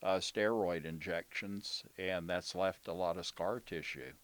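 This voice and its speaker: A man's voice: low-pitched, unhurried, a bit bright. A man interviewing a patient, asking questions and encouraging her answers. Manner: encouraging, with frequent backchannels. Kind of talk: casual interview.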